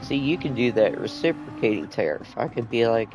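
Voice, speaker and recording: A man driving a race car and chatting in a relaxed, joking way with his team. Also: mid-range voice, a little fast, background noise. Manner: easygoing, joking. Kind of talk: casual chat while driving.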